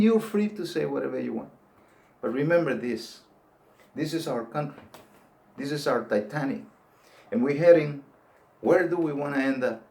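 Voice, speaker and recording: A man's voice: mid-range voice, darkish tone. An older man giving an earnest, pleading monologue that rises into emphatic outbursts. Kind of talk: impassioned monologue to camera.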